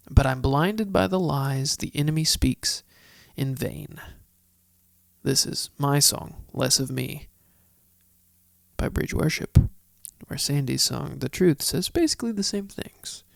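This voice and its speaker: A man's voice: on the high side, slow pace, creaky, long pauses, no room sound, clean studio sound. A man hosting a solo Bible study podcast, chatty and heartfelt, thinking aloud as he goes. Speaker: podcast host.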